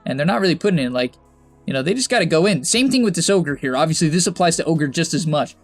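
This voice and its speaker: A young man coaching over a game replay in casual, chatty commentary that bursts into exasperated shouts and laughter. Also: on the high side, animated, fast, no echo, faint music behind.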